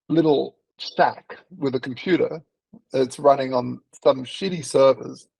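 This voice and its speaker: A man's voice: fairly high pitch, creaky, darkish tone, breathy edge, no room sound, rough recording. A man hosting an interview, telling long rambling stories in casual chat. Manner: rambling storyteller with fillers and restarts. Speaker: interview host.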